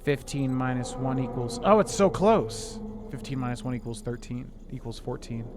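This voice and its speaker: A man's voice: mid-range voice, normal speed, background noise. A man streaming a video game, thinking aloud as he works through sums and grumbles in a half-joking way. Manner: thinks aloud, counting and muttering sums to himself. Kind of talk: casual let's-play commentary.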